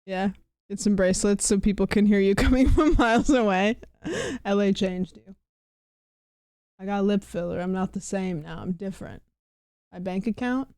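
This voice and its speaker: A woman streamer chats casually and playfully, giggling and swearing as she goes. Her mid-range voice has a darkish, clean tone at normal speed, with clean studio sound and no room sound.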